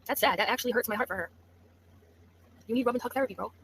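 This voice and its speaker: A woman talks quickly and scornfully, tossing out profane jabs with a mocking, falsely sympathetic edge. Her commentary has the loose, off-the-cuff feel of a live stream. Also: on the high side, fairly bright tone, a little hiss or hum, rough recording. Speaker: YouTube streamer.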